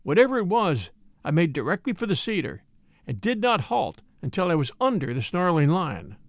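Expressive man reading an adventure story. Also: on the high side, moderate pace, no room sound. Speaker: audiobook narrator. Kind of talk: scripted narration.

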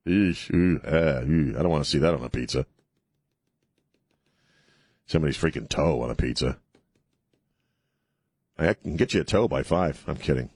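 A man's voice: rumbling low, normal speed, pauses often, a little mellow, breathy edge, dry recording. A man hosting a call-in radio show from a studio, blunt and joking, laughing often. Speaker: radio talk show host. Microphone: studio mic.

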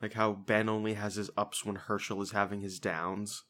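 A young man talks through a film review in a relaxed podcast chat. His voice sits fairly low, and he rambles, restarting sentences and leaning on fillers. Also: normal speed. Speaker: podcast co-host. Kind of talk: casual movie review chat.

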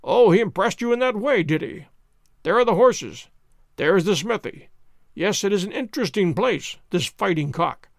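A man voicing a cool, shrewd male detective who speaks in a calm, measured, wry way in a storybook reading. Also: high voice, vocal fry, dry recording, clean studio sound.

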